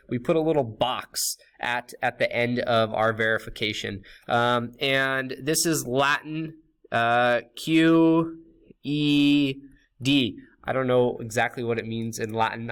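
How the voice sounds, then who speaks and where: A man's voice: mid-range voice, a bit bright. A man teaching a recorded math lesson in a casual, chatty way, with fillers, restarts and jokey asides.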